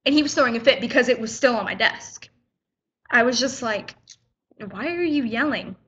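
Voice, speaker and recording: A woman's voice: a little high, a little fast, pushed and bright, muffled recording. A teenage girl in a casual vlog, retelling a run-in in a chatty, indignant way and acting out both sides. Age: teens. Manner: indignant, chatty retelling with quoted back-and-forth. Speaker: high school student vlogger.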